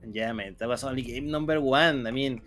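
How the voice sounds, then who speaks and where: A man's voice: medium pitch, fairly quick, fairly bright tone, faint music behind. A man co-casting a live strategy game tournament, jokey, often stumbling and restarting his words. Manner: stammers on restarts, jokey, says "mate". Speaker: esports co-caster.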